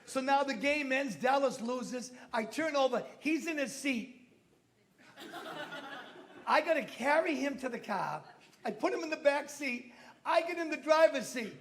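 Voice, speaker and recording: High-voiced comedian on stage. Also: male voice, animated, measured pace, long pauses, fairly bright tone. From Massachusetts. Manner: storytelling with acted-out voices, brash punchlines. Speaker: stand-up comedian. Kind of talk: stand-up comedy routine.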